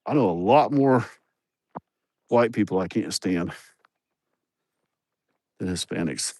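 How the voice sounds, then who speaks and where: A man's voice: low voice, expressive, slow pace, darkish tone. A man livestreaming outdoors on a handheld phone, telling joking, profane stories in casual chat. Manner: joking, blunt, profane storytelling. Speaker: livestream host. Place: outdoors at a building site. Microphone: phone held in hand.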